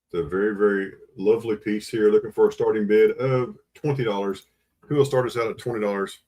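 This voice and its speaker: A man's voice: on the low side, fairly even intonation, fairly quick, mellow. A man hosting a live online auction, repeating bids and coaxing buyers with auctioneer patter. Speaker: livestream auction host.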